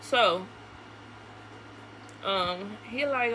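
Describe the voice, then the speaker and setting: A young woman, telling a casual, profane story in an animated way while doing her makeup at home. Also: fairly high pitch, measured pace, long pauses. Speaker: vlogger. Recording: noisy home recording.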